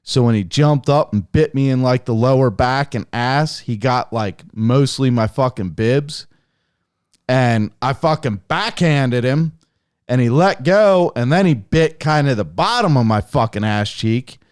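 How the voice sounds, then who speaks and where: A young man telling a hunting story casually on a podcast, animated and heavily profane. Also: medium pitch, measured pace, clear, resonant tone, dry recording, studio quality. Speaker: podcast guest, hunter.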